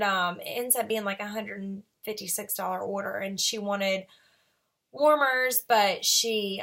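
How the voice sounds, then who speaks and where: A woman's voice: medium pitch, fairly bright tone. A woman, earnestly telling a story to her sales team in a casual motivational vlog. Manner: earnest storytelling, quoting others. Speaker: direct sales team leader.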